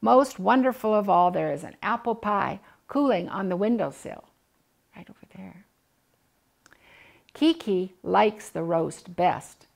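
Older woman reading a children's book, gravelly. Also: medium pitch, lively intonation, measured pace, few pauses. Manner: gentle storytelling, voicing animal sounds and family lines. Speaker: storybook reader. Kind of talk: children's read-aloud.

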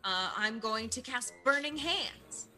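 Bright, decisive woman player. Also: on the high side, lively intonation, takes it slowly, faint music behind. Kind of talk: casual tabletop game play.

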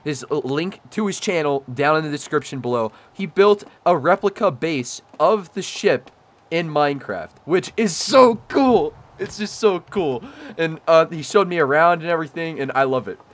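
A young man giving casual let's-play commentary, excitable and stammering over restarts, yelping when startled. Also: on the high side, normal speed. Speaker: gaming YouTuber.

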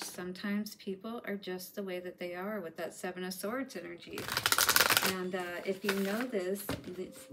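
A woman talks through a spiritual tarot reading in a chatty, reassuring way. She often drops in "you know" and "right?" as she goes. A faint noise sits behind her voice. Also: fairly low pitch. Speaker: tarot reader.

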